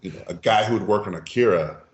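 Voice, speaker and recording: A man from Mexico, a podcast guest telling anecdotes in a lively, animated way and acting out the people in them. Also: low voice, quick pace. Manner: lively storyteller who acts out voices. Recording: roomy, dull lo-fi sound.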